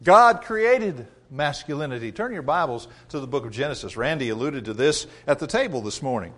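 A man preaching a sermon, reading scripture loudly and dropping to quiet rhetorical asides. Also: mid-range voice, big pitch swings, fast. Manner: emphatic, rising loud on scripture readings.

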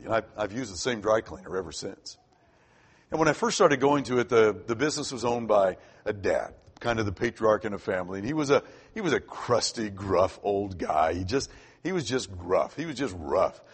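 A man's voice: fairly low pitch, slightly rough. An older man preaching a sermon, telling a personal story in a conversational way and often restarting his sentences. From Florida. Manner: conversational, repeats words when starting sentences.

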